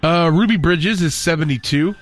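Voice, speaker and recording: A man's voice: on the high side, moderate pace, faint music behind. A man hosting a sports radio show, reading listener messages and birthdays with jokes. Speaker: radio host.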